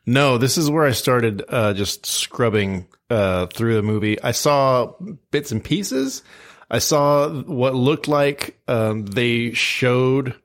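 A man's voice: medium pitch, slow pace. A man co-hosting a podcast, adding dry, brief remarks to a casual chat. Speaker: podcast co-host.

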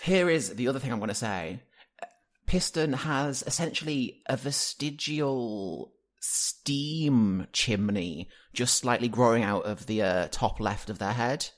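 A player chatting about a character in a tabletop game, animated with quick remarks. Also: mid-range voice. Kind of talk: casual tabletop game chat.

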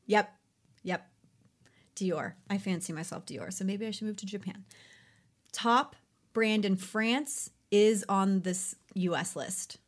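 A woman co-hosts a podcast in a relaxed, chatty way. She runs through lists and quizzes her co-host with easy, conversational energy. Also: mid-range voice, slow pace, pauses often. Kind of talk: casual podcast chat.

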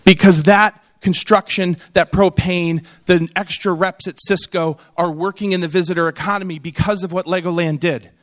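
This middle-aged man delivers a funny keynote at a conference in a high voice, at normal speed and with hardly any pauses. He tells his stories with energy, impersonating the people he quotes.

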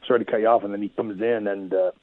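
A man who once played pro hockey, telling his old stories as a guest in a rambling, animated way, with lots of restarts. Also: fairly low pitch, racing, slight background noise. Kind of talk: casual storytelling interview. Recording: tinny dry phone line.

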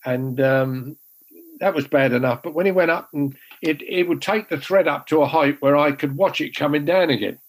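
A man's voice: fairly high pitch, moderate pace, rough recording. An older man, a former goalkeeper telling rambling, self-deprecating stories with many restarts. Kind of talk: casual anecdote telling.

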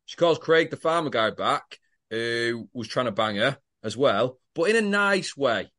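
A man's voice: mid-range voice, measured pace. A man co-hosting a podcast, telling stories in casual banter and swearing freely. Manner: animated, swearing, laughing storyteller. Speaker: podcast co-host.

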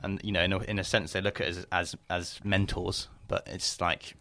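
A young man with a very low voice talks bluntly in relaxed chat, swearing without a second thought. His voice is close and dry, with no room around it. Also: moderate pace, no echo. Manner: blunt, swears casually, laid-back. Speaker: podcast co-host, business owner. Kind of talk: casual chat.

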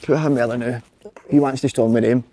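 A man's voice: medium pitch, fairly even intonation, fairly quick, warm tone. A Scottish man co-hosting a casual football podcast, talking emphatically, swearing and repeating himself for stress. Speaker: podcast co-host.

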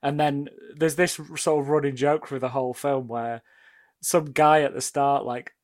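A man's voice: medium pitch, steady tone, moderate pace. A man in casual chat, laughing as he retells film scenes and acts out bits of dialogue. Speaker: podcast co-host discussing a film.

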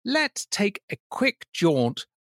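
A man's voice: high-pitched, wildly swooping pitch, takes it slowly, no room sound, studio quality. A man co-hosting a casual retro gaming podcast, wry and joking as he reads out old magazine letters. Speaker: podcast co-host.

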